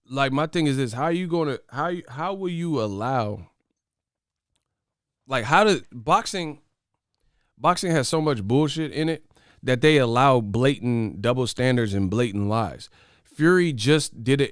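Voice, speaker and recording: A man's voice: mid-range voice, expressive, measured pace, clear, resonant tone, no echo, clean studio sound. A man hosting a casual boxing commentary channel, brash, profane and mocking as he trash-talks to his viewers.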